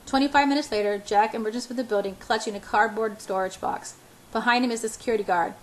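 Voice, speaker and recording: A woman's voice: fairly high pitch, fairly even intonation, fast, rough recording. A woman reading a first-person novel aloud, often stumbling and restarting words. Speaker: audiobook reader.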